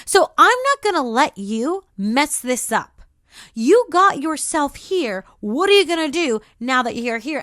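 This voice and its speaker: A woman's voice: sits high, big pitch swings, a little slow, fairly bright tone, no room sound, studio quality. A woman hosting a podcast, giving a preachy, emphatic spiritual pep talk in punchy, repetitive affirmations. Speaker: podcast host. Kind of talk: spiritual motivational monologue.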